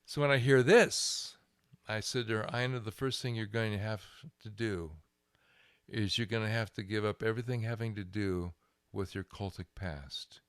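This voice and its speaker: An older man, a guest minister, telling a lively anecdote in an interview, chuckling and restarting his phrases. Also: on the low side, moderate pace, smooth, dry recording. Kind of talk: storytelling interview.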